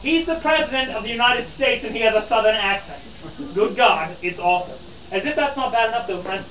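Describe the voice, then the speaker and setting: A man's voice: high voice, expressive, fairly quick. A man in character as a lecturing 1860s newspaperman, talking theatrically to a crowd of visitors. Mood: mocking, theatrical. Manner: theatrical, scornful, calls listeners "friends". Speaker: living history interpreter. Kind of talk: in-character living history talk to visitors. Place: outdoor historic park program. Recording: distant, roomy, dull camera audio.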